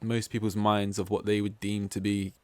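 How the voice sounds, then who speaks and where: Man from east london, casual solo podcast talk, rambling with lots of fillers, somewhat low voice, dry recording. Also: monotone, normal speed, no room sound. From East London, England. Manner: rambling, goes off on tangents, heavy use of "like". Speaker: podcast host.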